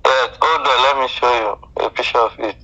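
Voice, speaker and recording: A man's voice: mid-range voice, fairly even intonation, normal speed, pushed and bright. A man on a phone call who keeps pleading with her to hold on and listen. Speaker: scam caller. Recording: muffled phone line.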